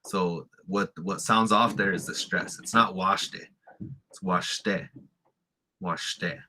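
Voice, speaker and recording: A man from a Lakota community teaching a language lesson in an easygoing, chatty manner. His voice sits a little low but sounds bright and forceful. He pauses on example words and says them slowly. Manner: relaxed, explains with fillers and repeats example words. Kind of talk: casual spoken lesson.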